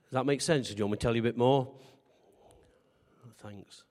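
At a moderate pace and with a darkish tone, a mid-range male pastor preaches conversationally. Self-deprecating humor runs through his storytelling, he poses questions to the congregation, and long hall reverb surrounds him.

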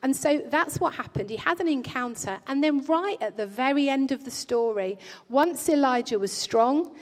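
A woman preaching a sermon in a church, speaking earnestly and gently in a pastoral way, often restarting her phrases. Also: high-pitched, animated, moderate pace. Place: church hall. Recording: long hall reverb.

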